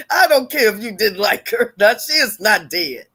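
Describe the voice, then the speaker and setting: A woman's voice: on the high side, sharp tone, slightly rough. Blunt, profane older woman ranting. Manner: blunt, profane, laughing, greeting viewers by name. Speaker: live-stream host. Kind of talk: casual live-stream chat.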